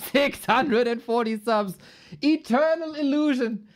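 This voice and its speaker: A man casting a live esports stream, excitable and exclamatory, swearing freely. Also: extremely high pitch, slow pace. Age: adult, long-time caster. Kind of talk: live stream game commentary.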